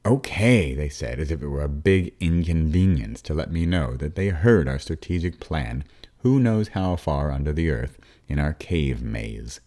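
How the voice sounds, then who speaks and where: A man narrating an audiobook as a father, with a warm storytelling manner, wry asides and the odd dip into a whisper. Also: a bass voice, animated, moderate pace.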